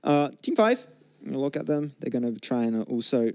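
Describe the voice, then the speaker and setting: A man calling live play-by-play commentary for an esports match, getting excitable on big plays. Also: medium pitch, moderate pace, clean tone.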